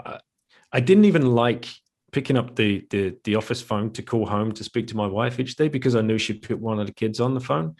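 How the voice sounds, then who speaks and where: Man, middle-aged, podcast guest, candid, reflective, laughs at himself. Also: mid-range voice. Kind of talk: casual interview talk.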